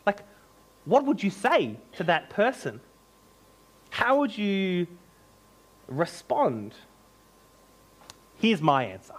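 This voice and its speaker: A man preaching a sermon as pastor, emphatic and animated, with joking asides. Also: on the high side, a little slow, pauses often.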